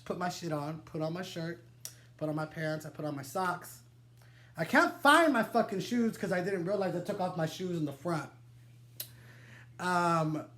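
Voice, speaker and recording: A young man telling a wild personal story to the camera, animated and dramatic, swearing freely and laughing through his digressions. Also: sits high. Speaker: vlogger. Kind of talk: storytime vlog, casual and profane.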